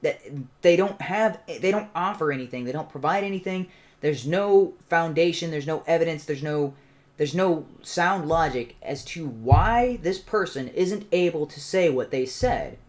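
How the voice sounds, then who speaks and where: A man's voice: fairly high pitch, expressive, measured pace. A man hosting a livestream, giving an impassioned, argumentative commentary monologue. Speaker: channel host.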